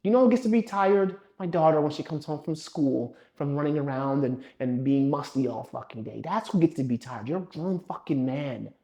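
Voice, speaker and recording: A young man giving a blunt, swearing motivational rant as a fitness vlogger, scolding the viewer and swinging from low muttering to loud pushing. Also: moderate pace, hardly any pauses.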